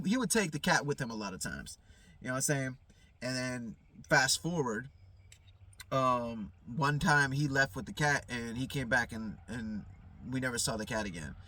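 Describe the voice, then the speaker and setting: A man's voice: medium pitch, pushed and bright, dry recording. A man telling a heated, profanity-laden story, rambling with fillers, while sitting in a car at night. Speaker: vlogger. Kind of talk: casual storytelling to camera. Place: inside a parked car at night.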